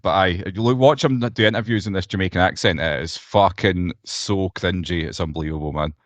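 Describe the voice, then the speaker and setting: A man's voice: low-pitched, brisk, no echo. A young Scottish man co-hosting a casual podcast chat, blunt and sweary, ranting with animation over a video call. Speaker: podcast co-host.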